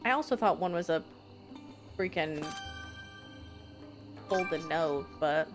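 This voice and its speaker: A woman's voice: sits low, slow pace, music in the background. Chatty swearing woman streaming a game. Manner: chatty, swears casually, reads game text aloud. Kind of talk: casual live-stream commentary while playing.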